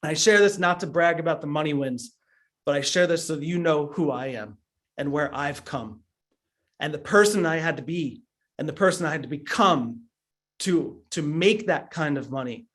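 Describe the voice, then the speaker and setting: A man's voice: on the high side, normal speed, fairly bright tone. A man in his thirties giving an earnest motivational talk as a business trainer, telling his story with frequent stammered restarts.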